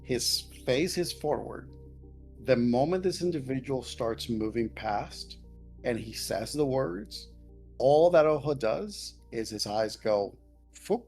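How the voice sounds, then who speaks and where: A man playing a tabletop role-playing game, deliberately laying out his character's stance and actions in detail. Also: medium pitch, lively intonation, gravelly, darkish tone, soft background music. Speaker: player.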